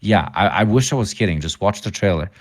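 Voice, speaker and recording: A man in casual livestream banter who jokes crudely, swears constantly and jumps into loud bursts. His voice sits low for a man. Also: animated, a little fast, no echo, clean studio sound. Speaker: livestream guest and debater.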